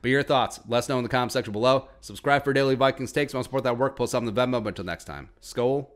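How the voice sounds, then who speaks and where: A man's voice: medium pitch, rapid-fire. A man hosting a sports podcast, giving casual, sarcastic commentary with joking asides. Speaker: podcast host.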